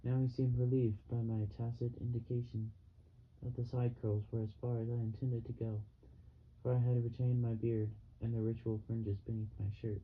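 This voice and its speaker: A man reading an audiobook novel in a calm, measured narration. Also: mid-range voice. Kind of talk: scripted narration. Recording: dull, slightly muffled with faint hiss.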